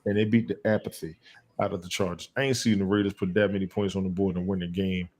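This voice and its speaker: A man with a fairly low voice hosts a casual sports chat over an online call. He sounds laid-back and slangy, and he often repeats a word a few times before a sentence gets going. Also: steady tone, quick pace, a little mellow, slight background noise. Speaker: podcast host.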